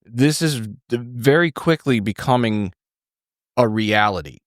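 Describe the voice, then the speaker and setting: A man's voice: mid-range voice, animated, a little slow, no room sound. Male podcast host, swears a lot, rambles through restarts; dry close mic. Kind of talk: casual political chat.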